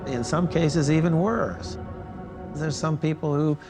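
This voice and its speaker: A man giving a measured, careful documentary interview. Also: fairly high pitch. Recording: music bed under interview.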